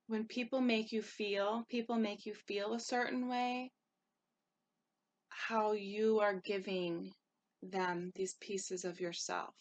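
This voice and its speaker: A woman coaching her listeners on relationships, talking in an animated way and acting out short quoted exchanges. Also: medium pitch. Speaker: holistic life coach. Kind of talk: spoken advice talk.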